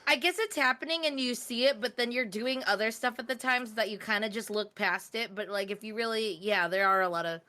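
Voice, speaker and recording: A woman's voice: a little high, a little fast, hardly any pauses, pushed and bright. A woman co-hosting a podcast, mostly listening and reacting with short remarks in casual chat. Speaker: podcast co-host.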